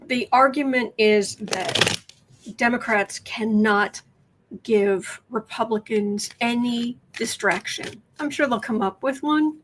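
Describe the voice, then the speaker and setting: Against a noisy background, a woman with a slightly high voice hosts a laid-back tarot livestream. The American reader chats and thinks out loud while going through questions from viewers, using a webcam mic.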